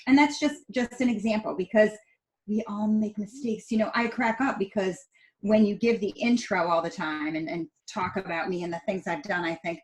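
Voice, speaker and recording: A middle-aged woman talks as a podcast guest in relaxed conversation. Her voice is mid-pitched and ordinary for a woman. She tells family stories with animation, acting out the dialogue. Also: moderate pace, poor audio.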